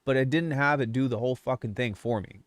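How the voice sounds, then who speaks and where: In a dry recording, a young music producer YouTuber rants on a casual livestream at a quick pace. His medium-pitched voice carries a profane, rambling delivery, and he sounds fired up.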